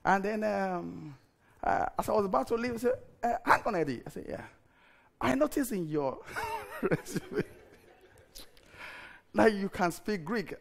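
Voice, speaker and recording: A middle-aged man, preaching a sermon full of stories, animated and laughing, sometimes breaking into shouted prayer. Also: sits high, unhurried, creaky, pauses often. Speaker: pastor. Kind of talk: storytelling sermon.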